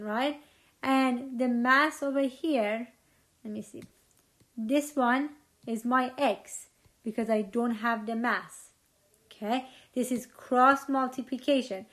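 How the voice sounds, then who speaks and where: Woman chemistry teacher, kinda high voice, keeps asking the class stuff and repeating herself. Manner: questioning, repeats key points to students. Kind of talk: recorded lecture.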